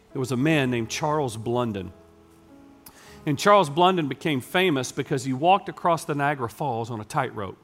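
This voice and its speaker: High-pitched guy preaching, goes quiet then builds up loud, faint music under it. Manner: swings from hushed, intimate lines to loud, building storytelling. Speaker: pastor. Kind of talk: sermon.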